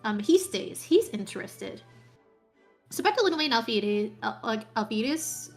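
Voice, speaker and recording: A woman's voice: on the high side, sing-song, moderate pace, faint music behind. A young woman casually recapping a tabletop game session, chatty and full of fillers. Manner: chatty, with many fillers and restarts.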